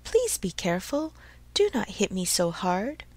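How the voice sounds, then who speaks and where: A woman voicing a small, childlike voice coming out of a living piece of wood, high and pleading, in a storybook reading. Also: big pitch swings, a little slow, a little mellow, no echo. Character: tiny weeping, giggling voice of a living log.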